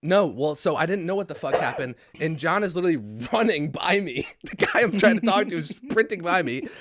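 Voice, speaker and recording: A man's voice: high-pitched, lively intonation, fairly quick, a bit bright, slight background noise. A young man co-hosting a podcast, telling a story in a casual, swearing, laugh-filled way. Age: young adult. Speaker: podcast co-host. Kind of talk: casual chat.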